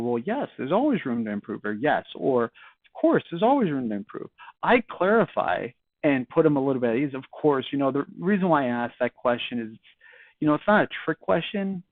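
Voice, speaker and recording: A man's voice: a little high, no echo. A man giving casual sales training on cold calling, acting out sample phone lines in a conversational way. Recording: dry, tinny phone-like audio.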